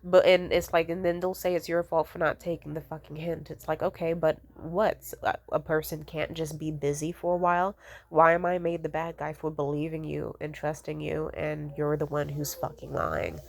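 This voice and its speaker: A woman's voice: low voice, creaky. Profane, exasperated young woman ranting. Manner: blunt, profane, exasperated ranting with mocking quoted voices. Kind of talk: casual ranting monologue.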